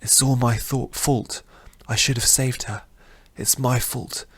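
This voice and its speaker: A man's voice: medium pitch, fairly even intonation, slow pace, husky, no room sound, voice pushed up. A man voicing an anguished young male hero in a fantasy audiobook, his voice strained and pleading. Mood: despairing.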